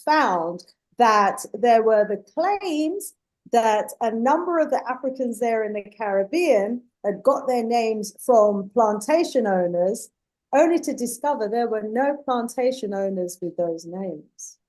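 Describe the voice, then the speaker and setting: Slightly high-pitched woman hosting a live discussion show, earnest and measured, drawing out her words for emphasis and addressing her guests affectionately. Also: expressive, darkish tone. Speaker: host. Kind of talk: live-show discussion, reading audience comments.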